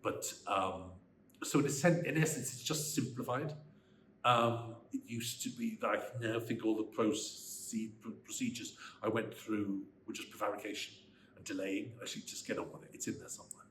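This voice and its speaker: A Welsh man in his sixties, a screenwriter answering interview questions in an animated, emphatic way that turns into bursts of ranting. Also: lowish voice, normal speed. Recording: roomy echo, faint background noise.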